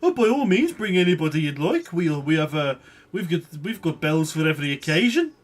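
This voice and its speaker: A man's voice: fairly high pitch, sing-song, brisk, faint music behind. A man voicing a small, chatty male gnome shoe-shop keeper in a wobbly put-on regional accent, rambling with many fillers. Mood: eager. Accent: vague Birmingham-like put-on accent. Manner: hesitant, rambling salesman patter with many fillers.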